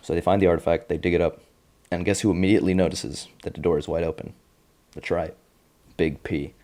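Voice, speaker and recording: A man's voice: low-pitched, steady tone, fairly quick, dark tone. A man hosting a podcast, recapping a TV show in a casual, profane, joking way. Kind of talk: casual chat.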